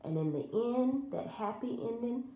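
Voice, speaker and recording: Slow, expressive woman teacher reading aloud. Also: on the high side. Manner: expressive and animated. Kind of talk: storybook read-aloud for children. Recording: roomy echo.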